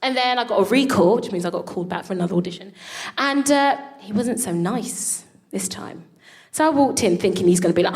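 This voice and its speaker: A woman on stage tells comic anecdotes in a mid-pitched voice. Her delivery is animated, and she swears and laughs freely. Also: a little fast. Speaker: co-host. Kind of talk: comic storytelling before a live audience. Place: live stage.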